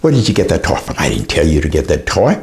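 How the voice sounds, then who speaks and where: A man voicing a cold, impatient mother who scolds her kid in curt threats. Her pitch swings widely, up and down. He slips her into his talk as a quick put-on. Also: wildly swooping pitch, gravelly, darkish tone, heavily acted. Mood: harsh.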